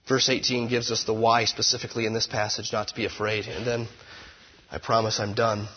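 A man preaching a sermon in a conversational way, with playful asides, swinging between loud emphasis and hushed tones. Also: lowish voice, level tone, brisk, husky, dull audio. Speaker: pastor.

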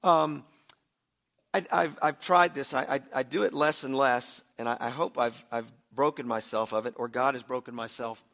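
A man's voice: mid-range voice, fairly even intonation, moderate pace, creaky, a bit bright. A middle-aged man preaching a sermon in a conversational way, often restarting words as he begins a thought. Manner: conversational, repeats words when starting sentences. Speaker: pastor.

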